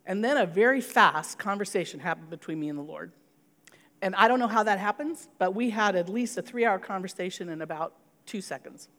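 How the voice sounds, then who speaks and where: A woman's voice: medium pitch, animated, fairly quick, a bit bright, big-room sound. A middle-aged woman pastor giving an earnest sermon, telling a personal story and leading into prayer.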